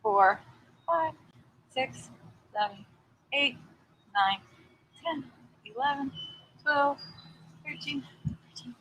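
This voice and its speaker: Chatty bright-voiced young woman livestreaming. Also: high-pitched, animated, very slow, long pauses, slight background noise, low-quality recording. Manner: chatty and rambling, thanks viewers by name. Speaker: livestream host. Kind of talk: casual livestream chat, reading aloud. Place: outdoors in front of her house. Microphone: laptop or webcam mic.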